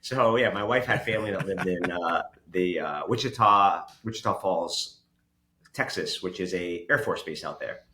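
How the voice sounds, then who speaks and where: A man telling stories in a casual podcast chat, animated, laughing and swearing often. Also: deep voice, normal speed, roomy sound, slight background noise. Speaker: podcast host.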